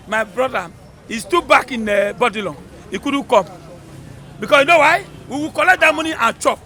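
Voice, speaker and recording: A man with a Nigerian accent, talking loudly and emphatically in a rambling street interview. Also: very high voice. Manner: fervent, loud, rambling and emphatic. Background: crowd noise.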